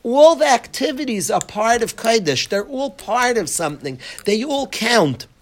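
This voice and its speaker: A man's voice: extremely high pitch, very animated, unhurried. Earnest man giving a talk. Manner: earnest, repetitive, uses Yiddish and Hebrew terms. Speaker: rabbi teaching in a yeshiva. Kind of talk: Torah lecture.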